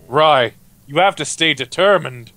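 Man doing gentle goat king, kindly, doting, very lively pitch, faint music behind. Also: a little slow, full character voice. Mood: fond. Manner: soft, warm-hearted, bemused. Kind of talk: reading game dialogue aloud.

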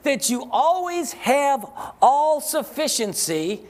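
A man's voice: extremely high pitch, very animated. Man preaching a call-and-response sermon. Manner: preaching, rhetorical questions to the congregation; emphatic, slows down to read scripture aloud. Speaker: pastor. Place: church service with congregation.

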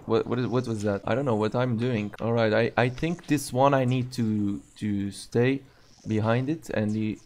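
Excitable young man commenting on gameplay. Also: mid-range voice, moderate pace. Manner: excitable, swears often, talks to himself. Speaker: gaming video creator.

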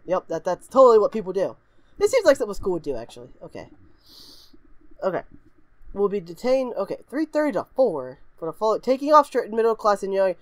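A woman hosting a reaction video, reading aloud haltingly, giggling and breaking into shrieking laughter and goofy voices. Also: high-pitched, animated, no echo. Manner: frequently puts on goofy voices of kids. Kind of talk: casual reaction commentary.

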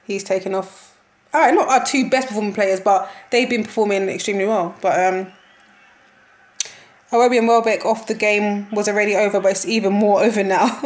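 A young woman chatting through a football match reaction in a casual, slangy way. She sounds exasperated and laughs often as she talks. Her voice sits at an ordinary middle pitch. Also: steady tone, brisk.

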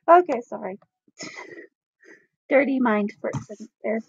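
A woman's voice: fairly high pitch, expressive, a little slow, creaky, pauses often, husky, no echo, highs cut off. A woman reading a game script aloud, breaking off with self-conscious, giggly asides. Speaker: fan voice actor.

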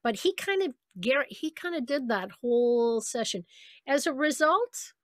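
A woman voice actress chatting on a video call, telling lively stories about her work and slipping into the voices of people she quotes. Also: high voice, measured pace, no echo, studio quality. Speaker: voice actress guest. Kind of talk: casual interview on a video call.

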